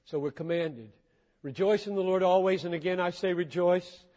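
A man preaching a sermon with earnest intensity, swinging between hushed, low passages and sudden emphatic bursts. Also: moderate pace, muffled recording. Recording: long hall reverb.

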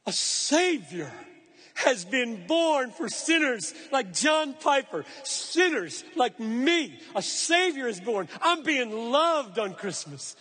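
A male preacher with a notably high voice delivers an earnest, emphatic sermon. He slows down to lean on key phrases as he explains scripture. His voice carries a long reverb from a large hall. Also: very animated, sharp tone.

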